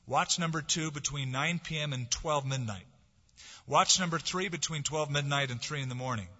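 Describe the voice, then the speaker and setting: A man preaching a sermon, swinging from forceful, dramatic lines to soft, hushed ones. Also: on the high side. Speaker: pastor. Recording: dull lo-fi sound with long hall reverb.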